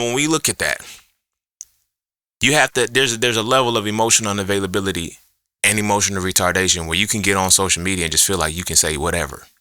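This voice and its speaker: A man's voice: low-pitched, pushed and bright, clear, resonant tone, dry recording, clean studio sound. A man hosting a podcast alone, ranting in a profane, emphatic way and throwing out rhetorical questions in an unscripted monologue. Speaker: podcast host.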